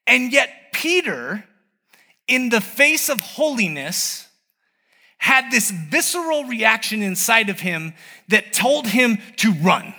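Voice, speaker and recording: Lively bright-voiced male preacher. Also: extremely high pitch, big-room sound. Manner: conversational, asks rhetorical questions. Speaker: pastor. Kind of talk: sermon.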